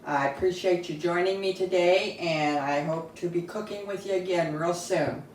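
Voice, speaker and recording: A woman's voice: lowish voice, fairly even intonation, normal speed, darkish tone, recorded from a distance, a little hiss or hum. A woman cooking in her home kitchen, chatting casually and tasting her dish as she shows a family recipe. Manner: homey, chatty, tastes food while talking. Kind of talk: casual cooking video chat. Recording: echoey kitchen, voice a bit off-mic.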